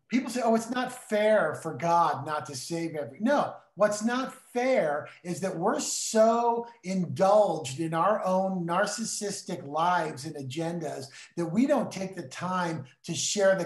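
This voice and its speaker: A man's voice: fairly high pitch, unhurried. A middle-aged man teaching in a casual Bible discussion, earnest and emphatic like a preacher. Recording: roomy echo.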